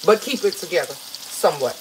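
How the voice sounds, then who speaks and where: A woman's voice: fairly low pitch, lively intonation, fairly quick, noisy background. Woman, home cook, playful chatty vlog, kitchen, faint sizzle behind. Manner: chatty, playful, talks straight to viewers. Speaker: home cook hosting a recipe video. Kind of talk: casual cooking vlog chat to viewers.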